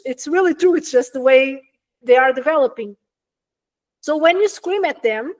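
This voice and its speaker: A woman parenting coach, a guest in an interview, who explains her points in an earnest and emphatic way. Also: high voice.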